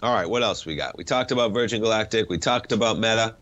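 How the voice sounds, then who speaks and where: A man's voice: on the low side, fast talker, fairly bright tone. Stuffy-nosed man hosting market talk. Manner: conversational, wry, rambling asides. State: stuffed-up nose. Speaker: financial talk show host. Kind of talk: casual market commentary.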